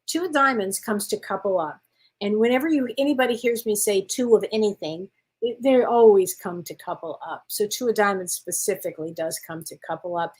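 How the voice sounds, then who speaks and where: A woman's voice: medium pitch, brisk, slightly rough. A woman hosting a live-stream show of psychic readings, chatty and rambling, calling viewers honey and sweetheart. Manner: rambling with frequent restarts and self-corrections. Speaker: psychic medium host.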